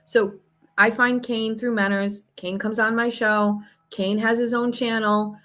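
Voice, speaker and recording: A woman's voice: on the high side, flat delivery, a little slow, fairly bright tone. A woman hosting her own show, casually recounting an online feud and reading out messages in a gossipy, exasperated way with some swearing. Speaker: host.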